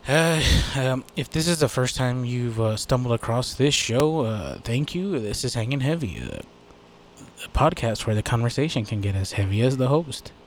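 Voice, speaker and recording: A man's voice: mid-range voice, lively intonation, normal speed, slight background noise. Rambling, profane man hosting a podcast. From United States. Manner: rambling, profane, self-deprecating, many fillers. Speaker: podcast host. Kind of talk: casual solo podcast chat.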